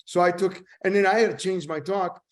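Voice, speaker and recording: An older man, a sales trainer, telling casual stories in a rambling, animated way. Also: high-pitched, fairly quick. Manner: animated, rambling anecdotes with voice impressions. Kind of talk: casual storytelling.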